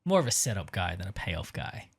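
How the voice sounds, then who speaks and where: Hesitant man pitching a story. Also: very animated, brisk, vocal fry, slightly rough. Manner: hesitant, many fillers, laughs easily. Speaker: podcast co-host pitching a story. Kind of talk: casual chat and story pitch narration.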